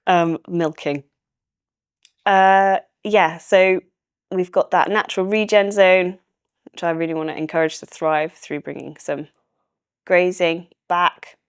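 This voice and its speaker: A young woman with a Welsh accent, chatting as an estate manager in an interview, relaxed and enthusiastic and quick to laugh. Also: fairly low pitch, clean tone, dry recording, studio quality. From Wales. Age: young adult. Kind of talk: casual interview chat.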